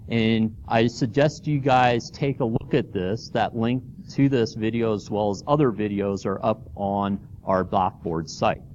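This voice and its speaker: A man's voice: fairly low pitch, fairly even intonation, measured pace, hardly any pauses, darkish tone, dull audio, slight background noise. A man teaching a college anatomy and physiology class, informal and checking in with students as he explains. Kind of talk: classroom lecture. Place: lecture hall.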